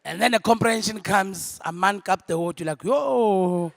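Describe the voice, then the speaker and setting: Young South African woman, Zulu first language, stand-up comic; lively and quick to laugh, loud punchlines and quiet asides, dry close sound. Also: mid-range voice, vocal fry, no echo. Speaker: stand-up comedian. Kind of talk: stand-up comedy set. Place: convention ballroom.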